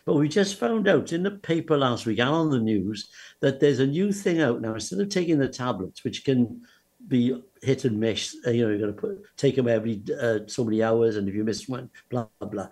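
A man's voice: medium pitch, expressive, moderate pace, darkish tone. A man co-hosting a casual chat show, talking in a loose, rambling way with plenty of tag questions. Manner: chatty, trailing tag questions. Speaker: show co-host.

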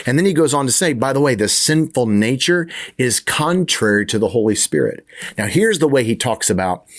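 Low-voiced man teaching a relaxed sermon. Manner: conversational, with many restarts and repeated words. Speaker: preacher.

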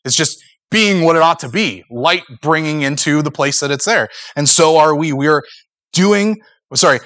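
Male pastor, higher-pitched, conversational sermon delivery, dry close sound. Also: lively intonation, normal speed, a bit bright, no echo. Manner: earnest, conversational preaching with acted-out asides.

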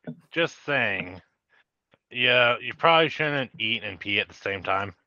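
A man's voice: medium pitch, lively intonation, unhurried, sharp tone, no echo, dull audio. A man co-hosting a podcast, adding dry, wry remarks in casual chat. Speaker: podcast co-host.

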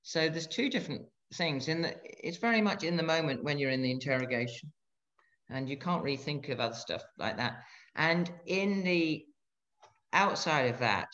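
A middle-aged man speaking as an interview guest, blunt and frank, often halting and restarting his sentences. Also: on the high side, animated, fairly bright tone. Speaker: guest, former fighter pilot. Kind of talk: candid interview conversation. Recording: dull lo-fi sound.

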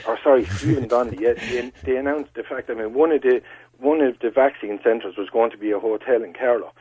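Halting Irish man calling in. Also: medium pitch, a little mellow, highs cut off. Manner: halting, stumbles and restarts often. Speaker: caller. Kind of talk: phone-in call.

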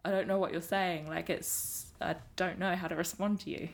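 Frank New Zealand woman, lowish voice. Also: level tone, normal speed, creaky. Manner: frank, emphatic storytelling. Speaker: guest. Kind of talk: casual conversation.

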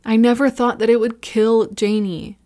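A woman's voice: a little high, fairly even intonation, normal speed, dark tone, pitched above the performer's own voice, natural voice. A woman doing a panicked young man near tears. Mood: bitter. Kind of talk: horror story reading.

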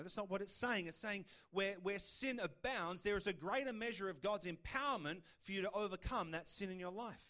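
A man delivers a sermon in a casual, conversational way. His voice sits fairly high, and he often checks in with the listeners through rhetorical questions. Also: animated, fairly quick, a bit bright. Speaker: pastor.

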